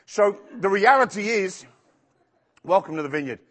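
A male pastor preaching a sermon in a church, acting out quotes with sudden shouts. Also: high-pitched, normal speed. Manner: animated, acts out quotes with shouts.

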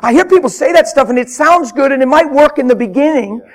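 A man preaching a spontaneous sermon in a church, fervent and emphatic, repeating his phrases and swinging up into loud shouts. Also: very high voice, animated, fast. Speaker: traveling preacher. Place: church hall with congregation.

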